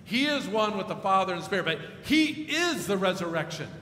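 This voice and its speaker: Pastor preaching in an echoey hall. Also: male voice, high voice, very animated, brisk. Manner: swings between hushed and emphatic delivery. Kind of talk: sermon storytelling. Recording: echoey hall with long reverb and faint noise.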